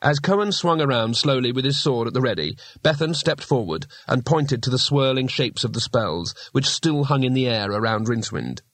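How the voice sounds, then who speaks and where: A man narrating a fantasy audiobook in a measured, steady way. His pitch sits in the middle range, and the recording is dry and close with no room echo. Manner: measured, storytelling. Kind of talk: scripted narration.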